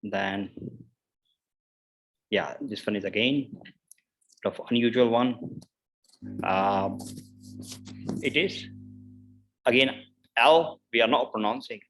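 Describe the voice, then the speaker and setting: A man's voice: medium pitch, fairly bright tone, poor audio. A man teaching English pronunciation in an online lesson. He says each example word over and over, with frequent fillers between points. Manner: repeats each word slowly several times, with loose fillers.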